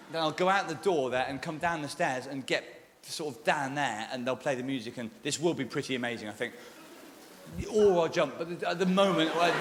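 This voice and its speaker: An English man in his thirties doing live stand-up, rambling and self-mocking with quick asides and sudden shouts. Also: a little high. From England. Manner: fast-talking. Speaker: stand-up comedian. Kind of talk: live stand-up with crowd banter. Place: large theatre with a live audience. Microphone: stage microphone. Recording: roomy live theatre recording with crowd noise. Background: audience laughter and cheering.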